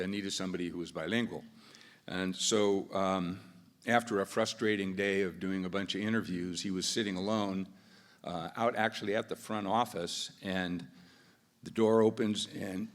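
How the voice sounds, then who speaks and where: An American man moderating a business event, giving easygoing opening remarks with fillers and restarts into a podium microphone. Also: low voice. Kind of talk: opening remarks with a told joke. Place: large conference hall. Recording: long reverb of a large hall.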